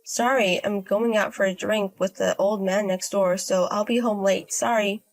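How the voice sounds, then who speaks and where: A woman voicing an unbothered young woman who gambles, speaking in a low-key deadpan way in a storybook. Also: normal speed, natural voice.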